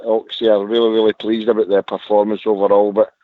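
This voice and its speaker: Calling a radio phone-in from a parked car, this Scottish man speaks quickly in a lowish, flat voice, with slight background noise on the muffled line. Still, the casual chat is enthusiastic, packed with repeated superlatives about the match.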